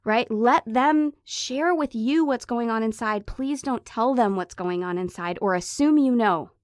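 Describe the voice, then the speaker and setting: A woman's voice: on the high side, unhurried, no room sound, studio quality. A woman in her thirties co-hosting a parenting podcast, talking in an impassioned, emphatic way as she pleads with parents. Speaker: podcast co-host, hypnotherapist. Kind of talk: casual podcast chat.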